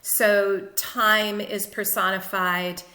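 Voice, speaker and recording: Woman teacher, bright tone, steady lecture on a poem, recorded in a roomy space. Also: mid-range voice, very slow. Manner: clear, methodical explanation with occasional fillers. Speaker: literature teacher. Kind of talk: lecture-style poetry analysis.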